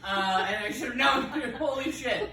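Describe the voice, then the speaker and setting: A woman's voice: on the high side, a little slow, pushed and bright. A woman in her thirties doing a live stand-up comedy set, chatty and self-deprecating, with lots of fillers and asides. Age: 30s. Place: comedy stage before a laughing audience. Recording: roomy live venue mic with distance and crowd laughter.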